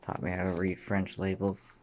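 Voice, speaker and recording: Speaking at normal speed in a completely flat, low-pitched voice with a slightly mellow quality, a man recounts his memories. He's in his thirties and from Canada, and his rambling monologue drifts along with frequent cursing and the odd muttered or whispered aside. A little hiss or hum sits underneath.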